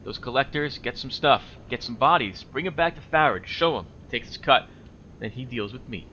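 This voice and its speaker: A man's voice: medium pitch, lively intonation, normal speed, bright, forceful tone, dull audio, a little hiss or hum. Man voicing a shifty grimy corpse trader. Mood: suspicious. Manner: clipped, tacks on "huh". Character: filthy, wheezing, suspicious male corpse trader.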